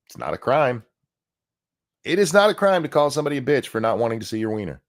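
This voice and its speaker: A man's voice: medium pitch, expressive, fast talker. A middle-aged man co-hosting a casual podcast chat, ranting with strong opinions. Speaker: co-host.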